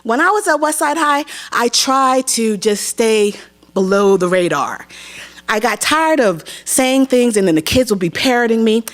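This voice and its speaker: Speaking at a moderate pace in a somewhat high voice, a young Pennsylvania woman shares a personal story before a live theater audience. She's animated and performs the voices of the other people in her tale.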